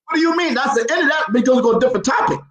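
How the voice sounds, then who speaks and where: A man's voice: very high voice, rapid-fire, a bit bright, roomy sound, slight background noise, low-quality recording. A man in a heated religious debate, quoting scripture and repeating his points insistently.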